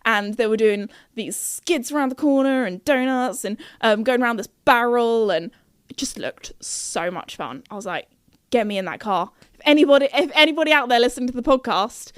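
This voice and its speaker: A woman's voice: a little high, brisk, clear, resonant tone, no room sound, clean studio sound. A young woman hosting a podcast, chatting in a bubbly, rambling way, full of fillers. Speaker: podcast host. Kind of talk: casual chat.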